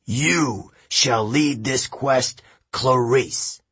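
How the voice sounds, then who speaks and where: A man's voice: mid-range voice, drawn-out words, fairly bright tone, husky, full character voice. A man reading an audiobook voices a cruel, scornful ancient king who runs a camp, sounding menacing and sneering. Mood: grandly scornful.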